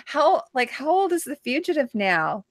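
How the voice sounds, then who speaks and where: A chatty middle-aged woman hosting a live show, with a fairly high voice. She tells stories with plenty of laughter and reads out the viewers' comments. The sound is close and dry. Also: sing-song, moderate pace, no room sound. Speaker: host. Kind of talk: casual chat on a live stream.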